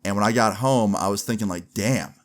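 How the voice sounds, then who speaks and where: A young man recounting a personal story to camera in a relaxed, slangy vlog style. His voice sits a little low, and he keeps the telling lively. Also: a little fast. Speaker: vlogger.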